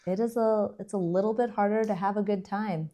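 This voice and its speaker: A woman's voice: mid-range voice, fairly even intonation, fairly quick, warm tone. A woman co-hosting a casual podcast, enthusiastic and playfully teasing. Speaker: podcast co-host.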